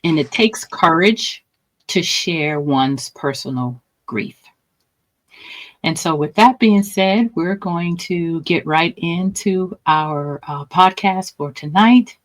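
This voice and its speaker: A woman hosting a grief-support podcast, opening in a measured, gentle way. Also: on the low side, low-quality recording. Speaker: podcast host.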